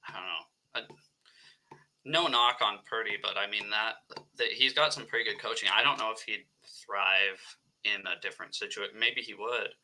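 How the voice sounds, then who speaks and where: A man's voice: on the low side, sharp tone. A man co-hosting a casual football livestream who talks bluntly, swears often and laughs through his points. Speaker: co-host, Seahawks fan. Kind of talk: casual sports debate.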